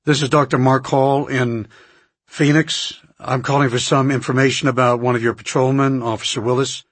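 A husky-voiced man playing a firm, insistent government doctor who speaks in a clipped, formal way. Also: medium pitch, flat delivery, normal speed, a bit bright, no echo, pitched above the performer's own voice.

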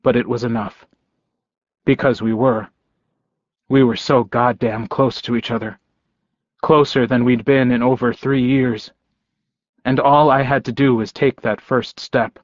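A man reading a first-person audiobook in an unhurried, measured manner. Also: medium pitch, steady tone, no echo, dull audio. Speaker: audiobook narrator.

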